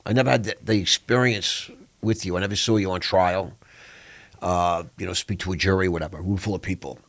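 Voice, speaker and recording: A man hosting an interview, telling a personal story in a lively, animated way. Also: low-pitched, fairly quick. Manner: animated storyteller, acts out quoted voices. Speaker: podcast host.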